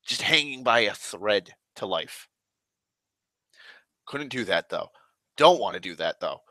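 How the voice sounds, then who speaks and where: A man's voice: on the low side, expressive, pushed and bright, no room sound, clean studio sound. Furious profane man ranting. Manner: angry, heavily profane ranting; dramatic pauses and repetition. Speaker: online ranter. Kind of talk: casual storytelling rant.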